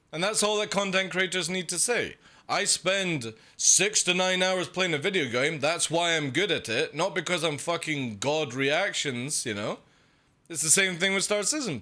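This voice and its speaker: A man's voice: a little high, bright, forceful tone. Brash, profane man ranting on stream. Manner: profane, ranting, mocking with quick put-on voices. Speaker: game streamer. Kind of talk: casual live-stream rant.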